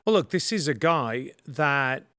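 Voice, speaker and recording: A man's voice: medium pitch, animated, unhurried, a bit bright, no room sound, clean studio sound. A man with a British accent, a guest contributor in a panel discussion, talking casually and explaining his words as he goes.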